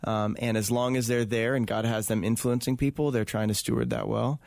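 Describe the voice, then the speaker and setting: A man's voice: mid-range voice, fairly even intonation, brisk, creaky, a little mellow, dry recording, studio quality. A man speaking as an interview guest, talking earnestly and reflectively with many fillers and restarts. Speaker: guest, touring event host. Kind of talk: casual interview conversation.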